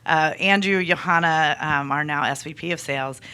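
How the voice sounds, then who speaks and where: A woman's voice: deep voice, moderate pace, sharp tone, clear, resonant tone. A woman guest on a podcast, talking casually and rambling with lots of fillers and restarts. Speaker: guest, toy company salesperson.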